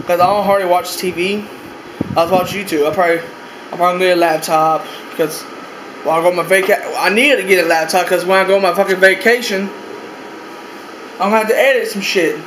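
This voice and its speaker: A young man with a high voice talks through a casual vlog from his bedroom, rambling, cursing constantly and repeating his lines. His voice bounces around an echoey room, with a faint hum of air conditioning underneath. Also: fairly bright tone. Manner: profane, rambling, repeats himself. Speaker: vlogger.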